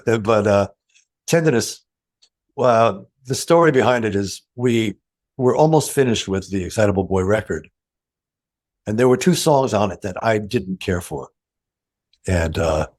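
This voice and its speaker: An older man with a lowish, husky voice tells lively stories in a studio interview, where he appears as a guest and session guitarist. He spins animated anecdotes, acts out quoted dialogue, and laughs often.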